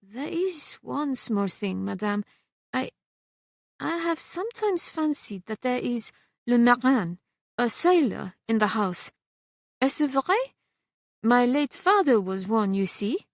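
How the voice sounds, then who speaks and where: A woman voicing a frail, grateful young French maid with a French accent, speaking softly and politely. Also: on the high side, sing-song, slow pace, creaky, no echo, studio quality, voice pushed up, exaggerated voice. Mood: timid. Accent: put-on French. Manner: soft, timid and polite.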